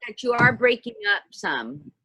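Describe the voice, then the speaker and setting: A woman in her fifties co-hosting a casual livestream chat, lively and laughing, dropping Spanish greetings. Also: on the high side, normal speed, slightly rough, no room sound. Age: 50s. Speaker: co-host, life coach. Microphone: video call.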